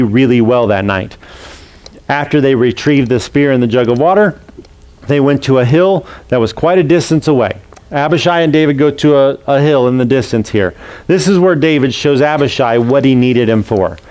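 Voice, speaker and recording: A man preaching a sermon who retells a scripture story and acts out its characters' voices in a lively way. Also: medium pitch. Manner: storytelling, acting out quoted voices. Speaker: pastor.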